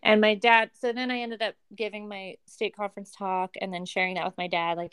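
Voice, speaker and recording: A woman's voice: mid-range voice, fast, hardly any pauses, clear, resonant tone. A woman telling a long personal story in casual conversation, acting out the voices of the people she quotes and laughing now and then. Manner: animated, acts out quoted voices, laughs often. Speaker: guest.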